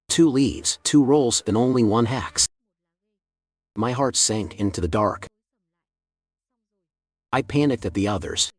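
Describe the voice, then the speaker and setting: A man narrating a comic story recap in a steady storytelling read. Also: medium pitch, slow pace, pauses often.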